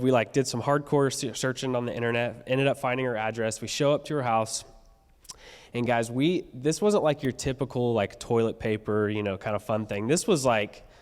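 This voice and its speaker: A male pastor telling a story in a casual, animated sermon in a church. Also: mid-range voice. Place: church sanctuary. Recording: long church reverb.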